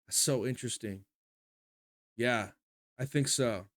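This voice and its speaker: A man who is a youth pastor, giving excitable reaction commentary with many exclamations, then reflecting as he reads lyrics aloud. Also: mid-range voice, normal speed. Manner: excitable, exclaims often, says "dude" and "bro".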